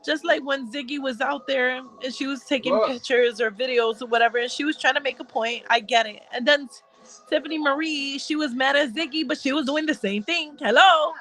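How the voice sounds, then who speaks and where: Woman with a high voice, emotional vlog rant, fired up and talking right at the audience. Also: fairly even intonation, a little fast, a bit bright, low-quality recording. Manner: heated, repetitive, talks straight to viewers with religious asides. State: crying. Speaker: commentary vlogger. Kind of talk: emotional casual rant to viewers.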